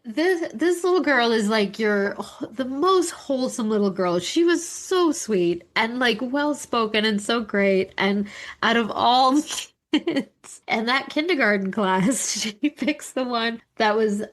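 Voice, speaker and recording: Laughing, unhurried woman telling a story. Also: on the high side, lively intonation. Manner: laughs often while telling stories, swears casually. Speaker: podcast co-host. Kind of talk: casual storytelling chat.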